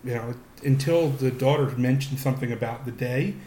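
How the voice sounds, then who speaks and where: A man's voice: mid-range voice, moderate pace, mellow. Rambling male podcast co-host. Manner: rambling, with frequent restarts and fillers. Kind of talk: casual podcast chat. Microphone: podcast microphone. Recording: echoey room with faint noise.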